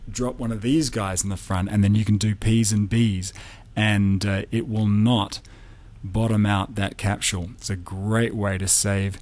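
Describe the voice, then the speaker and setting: A man teaching audio recording in a relaxed, explanatory way, speaking into a studio condenser mic in a home studio. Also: fairly low pitch, measured pace. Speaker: audio engineering instructor. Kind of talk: hands-on microphone demonstration. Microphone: large studio condenser mic up close.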